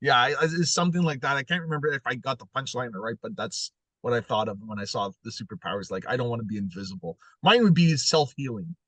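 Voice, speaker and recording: A man's voice: medium pitch, fast talker, few pauses, a bit bright, dry recording. Crude, joking man interviewing. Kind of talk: casual podcast interview.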